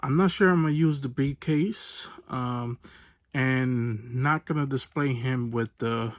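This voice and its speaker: A man from the United States hosting a casual toy unboxing vlog, rambling and relaxed, often saying "so there's that". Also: medium pitch, unhurried. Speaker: toy unboxing channel host. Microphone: phone or webcam on desk.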